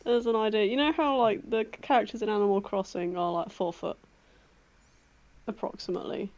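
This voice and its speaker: A woman's voice: medium pitch, steady tone, normal speed, darkish tone, lo-fi sound. A woman chatting on a podcast, giggling often and swearing casually as she jumps in with jokes. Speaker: podcast co-host. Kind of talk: casual chat.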